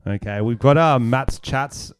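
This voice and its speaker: A man's voice: medium pitch, measured pace, smooth. A man with an Australian accent hosting a podcast, telling stories casually, profane and rambling, laughing at his own jokes. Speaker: podcast host.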